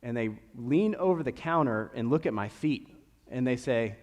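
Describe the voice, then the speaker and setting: A mid-range male voice at normal speed carries a young Kentucky man's sermon, told conversationally through many stories in a slight Kentucky accent. His delivery lifts with animated rises, and the church hall lends it a long reverb.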